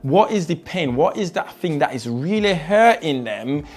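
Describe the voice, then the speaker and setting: A man teaching sales techniques as a trainer, shifting his pace and loudness to stress points and repeating words for emphasis. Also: on the high side, animated, normal speed. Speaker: sales trainer and property investor. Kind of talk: motivational sales lesson.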